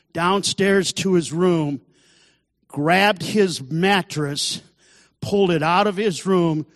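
A man whose voice sits on the high side tells his recovery testimony the way a sermon is given, earnest and acting out quoted voices. The recording is dry and clean studio sound, with a long reverb tail.

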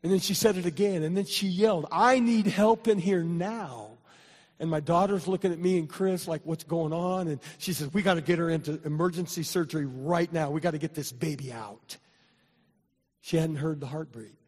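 Older preacher in a reverberant hall. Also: male voice, fairly high pitch, fairly even intonation, brisk, slightly rough. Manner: repetitive restarts, building to loud preaching. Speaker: pastor. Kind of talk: sermon storytelling.

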